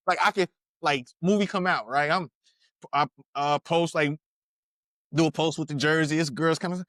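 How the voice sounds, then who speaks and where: A podcast co-host in his thirties tells stories in a loose, slangy way, restarting sentences and laughing along. His voice sits a little high. The sound is close and dry. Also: fairly even intonation, moderate pace, fairly bright tone, no echo. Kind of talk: casual podcast chat.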